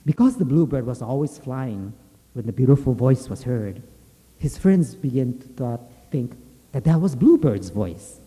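Man, Buddhist teacher, gentle and unhurried storyteller, long hall reverb. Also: medium pitch, animated. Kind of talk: storytelling dharma talk.

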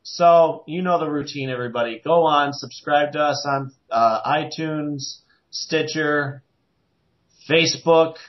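A man co-hosting a podcast in casual chat, animated and quick to joke. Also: on the high side. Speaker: podcast co-host. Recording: dull lo-fi sound.

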